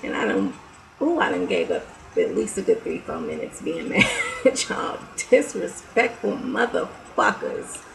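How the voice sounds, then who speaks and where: A woman's voice: lowish voice, huge pitch swings, a little slow, vocal fry, rough recording. A young woman vlogger talking to the camera in a heated, blunt, profane rant, breaking off with laughs and sighs.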